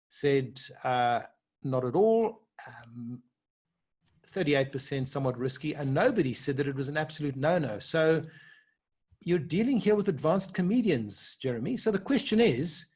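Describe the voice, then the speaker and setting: South African interview host, somewhat high, husky voice, conversational. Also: male voice, expressive, unhurried, a little mellow. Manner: conversational, runs a poll. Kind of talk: online interview.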